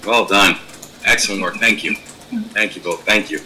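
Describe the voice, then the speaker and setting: Man chairing an official meeting, low and forceful, courteous. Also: moderate pace, low-quality recording. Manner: courteous, thanks each speaker. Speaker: governor chairing a public board meeting.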